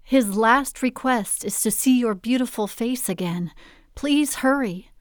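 Woman doing solemn officer, grave, gentle, raised pitch, dry audiobook sound. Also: measured pace, no room sound, lightly acted. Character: solemn officer breaking bad news.

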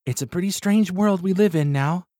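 A man voicing a calm, steady young woman who speaks soothingly. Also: lowish voice, normal speed, no room sound, studio quality, voice pushed up, lightly acted.

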